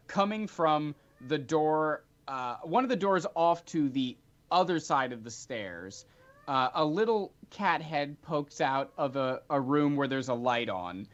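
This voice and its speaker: A man narrating a tabletop game as game master, chatty and animated, with frequent filler ums. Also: mid-range voice, slow. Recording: dull lo-fi recording.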